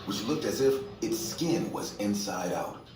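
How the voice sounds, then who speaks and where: Man, low voice, steady scripted horror story narration, echoey far-off sound, faint music. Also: a little slow.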